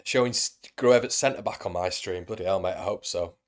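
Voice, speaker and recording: A man's voice: sits low, fairly quick. A young man hosting a football fan live stream, chatting casually and reading out viewer comments, calling everyone mate and buddy. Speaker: football fan channel host.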